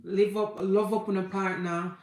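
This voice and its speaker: A woman's voice: medium pitch, level tone, normal speed, a little mellow. A woman in her thirties with a Jamaican accent, telling a personal story in a heartfelt, tearful way. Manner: heartfelt, tearful, repeats herself, mixes in patois. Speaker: vlogger. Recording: echoey room.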